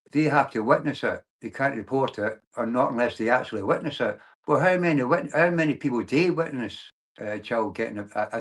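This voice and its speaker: A man in his sixties from Glasgow, telling his own story as an interview guest, in a halting way with frequent restarts and the filler "like, no". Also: medium pitch. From Glasgow, Scotland. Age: 60s. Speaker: guest, abuse survivor and campaigner. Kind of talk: personal testimony in conversation.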